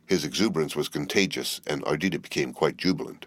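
Deep-voiced male audiobook narrator. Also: lively intonation, quick pace, hardly any pauses, no echo. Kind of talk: scripted narration.

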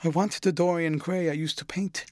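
A man's voice: fairly high pitch, steady tone, normal speed, a little mellow, no echo, close to an everyday voice. A man reading as anguished older painter Basil Hallward. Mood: stricken. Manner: pleading, horrified. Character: anguished older male painter, earnest friend.

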